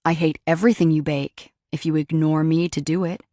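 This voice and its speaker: Cocky, teasing young man read by a woman narrator, lowish voice, dry close sound, audiobook. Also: steady tone, brisk, mellow, dry recording, close to an everyday voice. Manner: teasing, playful.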